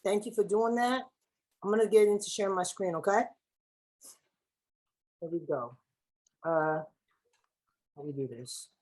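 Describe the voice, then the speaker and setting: A woman's voice: medium pitch, measured pace, long pauses, a little mellow, poor audio. A woman from Los Angeles facilitating an online workshop over a video call in a playful, slangy, chatty way. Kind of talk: lively online workshop hosting.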